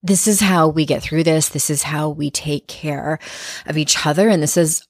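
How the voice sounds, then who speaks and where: A woman with a low, grounded voice talks through her podcast in a candid, chatty way. She is a life coach, speaks plainly and swears without fuss. The sound is dry and close, with no room around it. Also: fairly even intonation, normal speed, no echo. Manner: candid, conversational, swears freely. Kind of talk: casual podcast monologue. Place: home office.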